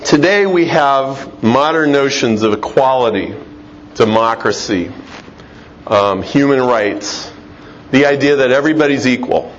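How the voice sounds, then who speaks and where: A middle-aged man giving a conversational, emphatic lecture-style talk, with frequent restarts. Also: medium pitch. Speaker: Christian speaker. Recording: dull lo-fi sound with faint noise.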